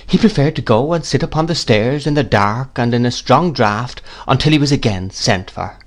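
Guy reading an old novel out loud, steady mid voice, measured pace. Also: medium pitch. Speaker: audiobook reader. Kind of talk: scripted narration of a classic novel.

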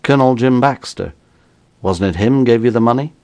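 A man's voice: mid-range voice, normal speed, darkish tone, dry recording, voice pushed up, lightly acted. A man voicing a nervous, talkative escaped convict with an uneasy, slangy way of talking. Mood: probing. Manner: uneasy, folksy drawl with slang.

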